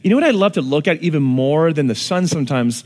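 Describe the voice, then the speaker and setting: Pastor, male, fairly high voice, animated sermon delivery, long church-hall reverb. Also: fast. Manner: animated, shifts from hushed to shouting for emphasis.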